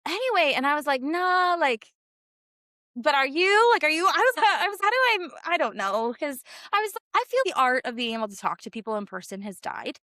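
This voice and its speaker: A young woman from Canada co-hosts a casual chat podcast, spinning stories animatedly and acting out every quote. Her voice sits high and ranges widely. The sound is dry and close, with no room around it. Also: fast, few pauses, no echo. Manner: animated storyteller, acts out quotes with laughs. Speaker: podcast co-host.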